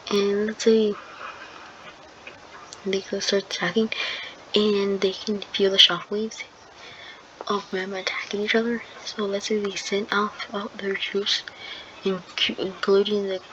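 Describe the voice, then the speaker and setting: A woman improvising a fan-fiction story, rambling and hesitant with many fillers and restarts. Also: mid-range voice. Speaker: channel host telling a fan story. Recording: dull lo-fi sound with clear background noise.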